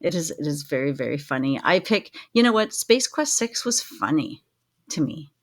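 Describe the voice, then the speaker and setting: Middle-aged woman co-host, low voice, relaxed chatty delivery. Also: moderate pace. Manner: animated, laughs, mimics voices in anecdotes. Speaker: podcast co-host. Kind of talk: casual chat.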